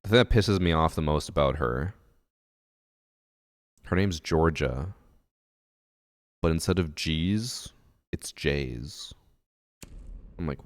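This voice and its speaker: A man's voice: rumbling low, animated, slow pace, pauses often, no room sound, studio quality. A man in his twenties chatting casually on a live stream, telling a profane, ranting story. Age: 20s.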